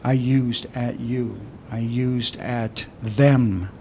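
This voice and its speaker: Middle-aged man, recovery-meeting speaker, self-mocking storyteller, mid pitch, faint rumble in the recording. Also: fairly even intonation, drawn-out words. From southwestern United States. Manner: candid, self-mocking storytelling with dark humor. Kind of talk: personal recovery talk.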